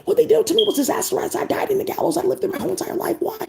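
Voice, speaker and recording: A woman voicing a distraught, wronged wife from long ago who keeps asking why, in a much higher voice than her own. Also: very fast, vocal fry, background noise, heavily acted. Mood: aggrieved. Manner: pleading, asks why again and again.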